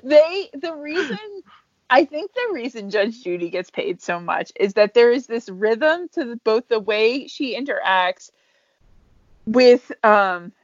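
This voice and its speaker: A woman's voice: a little high, expressive, a little slow, dry recording. A young woman co-hosting a podcast, chatting casually and animatedly, laughing often and acting out quoted voices. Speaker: podcast co-host. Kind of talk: casual chat. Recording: dull, dry home podcast audio.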